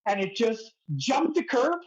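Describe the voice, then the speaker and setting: A woman's voice: on the high side, lively intonation, measured pace. A woman guest telling a travel story bluntly, with plenty of swearing. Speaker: podcast guest, motorcycle traveler. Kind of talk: casual anecdote telling. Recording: muffled recording.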